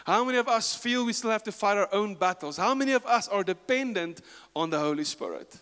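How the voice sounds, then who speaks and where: A man with a South African accent preaching a sermon as pastor, moving between loud, rising declarations and quiet storytelling. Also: high voice, expressive, a little fast, smooth, big-room sound. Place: church sanctuary.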